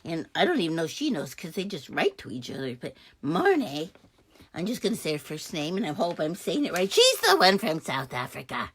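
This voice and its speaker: A woman hosting her own show, chatting warmly about the authors of a book, with gushing praise, jokey asides and quick self-corrections. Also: fairly low pitch, huge pitch swings, slight background noise. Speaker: host reviewing a devotional anthology. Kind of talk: casual chat.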